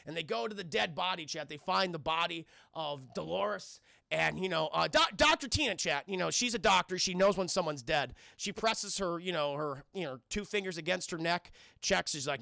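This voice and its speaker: A man recapping a film scene by scene to his stream chat, animated and profane, rambling with many fillers. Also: sits high, normal speed, gravelly, no room sound, clean studio sound. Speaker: streamer reviewing films.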